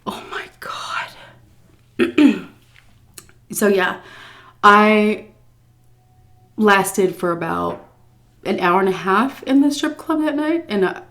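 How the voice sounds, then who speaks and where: Woman, vlogger, story time, frequent laughter, profane, self-mocking, mid pitch. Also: takes it slowly, long pauses, fairly bright tone. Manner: laughs often while telling, blunt and profane; self-mocking, embarrassed confessional tone.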